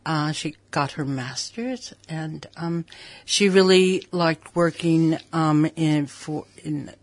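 A woman with an American accent, telling her life story in a relaxed interview, soft and melodic with easy laughs and ums. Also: low-pitched, slow pace, no echo. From United States. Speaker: interview guest.

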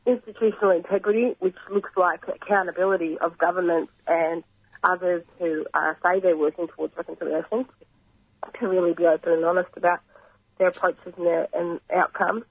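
Croaky Australian man on a phone line. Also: high-pitched, fairly even intonation, no echo. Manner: earnest, measured, frequent pauses and throat clearing. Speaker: reconciliation organisation representative. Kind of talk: radio interview answers. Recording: tinny phone line, dry.

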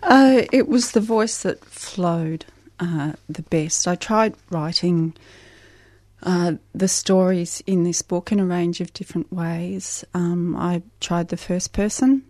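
Measured woman, dry studio sound. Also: lowish voice, darkish tone, no echo. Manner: measured, hesitant with fillers. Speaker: author guest. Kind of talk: radio interview, reading aloud.

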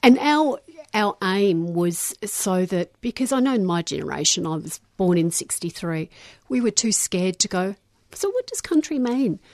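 A woman's voice: fairly low pitch, normal speed, no room sound. Woman in her sixties, chatty guest. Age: 60s. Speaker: children's author, guest. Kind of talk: radio interview guest. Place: radio studio.

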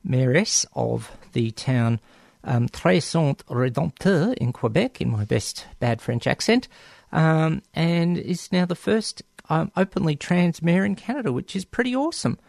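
A man's voice: fairly high pitch, a little slow, vocal fry, a little mellow, no echo, studio quality. A man with an Australian accent hosting a community radio show in casual talk, hesitant and full of ums and restarts.

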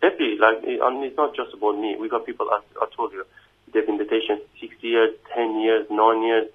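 A man whose first language is not English, speaking in a halting, emotional way on a phone interview, with many restarts and repeated "you know what I mean". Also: lowish voice, level tone, slightly rough. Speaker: immigration detainee giving an interview. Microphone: phone call. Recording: tinny phone line.

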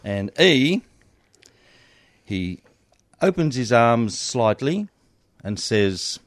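A man's voice: mid-range voice, sing-song, drawn-out words, pauses often, no echo, studio quality. A man co-hosting a casual sports chat, posing a quiz with frequent ums and uhs. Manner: quizzing, hesitant with many ums. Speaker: co-host.

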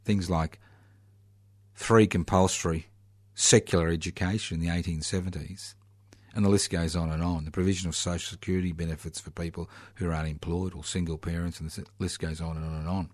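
A man talks through a political monologue in a lowish voice, sardonic and full of rhetorical questions. He slows down to stress key words. The recording is close and dry. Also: steady tone, no echo. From Australia.

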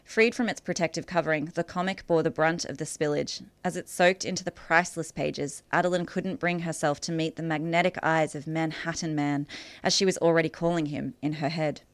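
A woman author reading a passage from her own novel aloud in a measured, clear way. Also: deep voice, fairly even intonation, no echo.

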